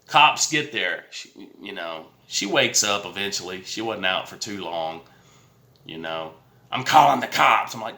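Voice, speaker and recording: A man's voice: sits low, lively intonation, a little slow, vocal fry, sharp tone. A man telling a personal story in a blunt, plain-spoken way to his viewers, swearing now and then. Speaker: vlogger. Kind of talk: casual storytelling. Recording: roomy echo.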